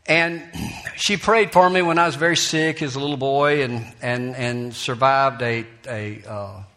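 A man from Alabama, a pastor preaching a sermon in church, telling folksy stories with soft laughs and sudden preacherly lifts. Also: mid-range voice, fairly even intonation, measured pace.

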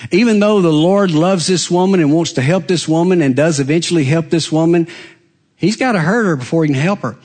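A man preaching a sermon, swinging dramatically between hushed, quiet passages and loud, raised ones. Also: a little high.

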